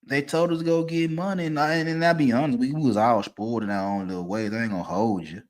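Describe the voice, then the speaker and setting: A man, ranting casually and profanely, swinging from low mutters to loud, emphatic bursts. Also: fast talker. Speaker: streamer giving opinions.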